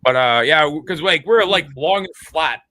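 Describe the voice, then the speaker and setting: A man from Canada co-hosting a podcast, chatting loosely with lots of "like" and quick voice impressions. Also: on the high side, expressive, sharp tone. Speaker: podcast co-host. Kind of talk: casual chat.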